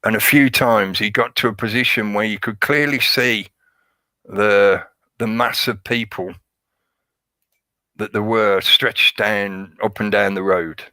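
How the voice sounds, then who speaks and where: A man's voice: fairly low pitch, fairly even intonation, unhurried, pushed and bright, no room sound. A man hosting a live stream, rambling casually and sarcastically, laughing often.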